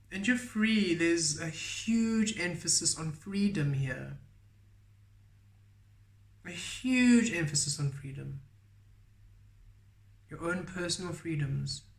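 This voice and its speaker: A man giving a spiritual tarot reading, speaking softly and repeating affirmations in a roomy, echoey recording. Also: on the high side, creaky. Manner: soft-spoken, repeats affirmations. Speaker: tarot reader. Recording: roomy echo.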